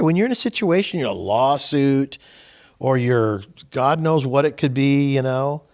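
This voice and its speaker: A man's voice: medium pitch, lively intonation, a little slow, a little mellow. A man hosting a spiritual gathering, giving a folksy, sermon-style talk full of sayings and little acted-out quotes. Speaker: host leading a spiritual gathering.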